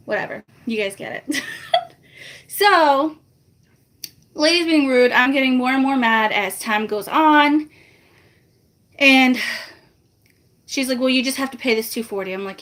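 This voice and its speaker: A woman's voice: high voice, lively intonation, measured pace, pauses often, a bit bright. A woman vlogger chatting casually to live viewers, animatedly retelling a frustrating phone dispute and acting out both sides of the calls. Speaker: family vlogger.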